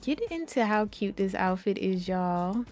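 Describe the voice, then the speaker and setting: A young woman gaming YouTuber gives casual let's-play commentary at a medium pitch and unhurried pace, with soft music in the background. Chatty and animated, she talks straight to her viewers and calls them y'all.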